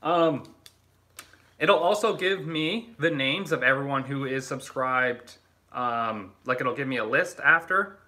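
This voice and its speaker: Bright-voiced young man on a casual livestream. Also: mid-range voice. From Canada. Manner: loose and joking, swears freely, laughs often. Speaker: YouTuber hosting a livestream. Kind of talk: casual livestream chat reading viewer comments.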